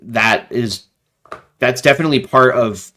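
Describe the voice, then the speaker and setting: A man talking as a guest in a casual interview over a video call, animated and rambling with lots of fillers. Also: mid-range voice, measured pace.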